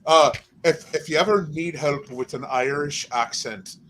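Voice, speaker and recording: Tired, laid-back man, slightly high voice. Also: takes it slowly, fairly bright tone, slight background noise, rough recording. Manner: laid-back, swears casually. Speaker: guest. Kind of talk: casual livestream chat.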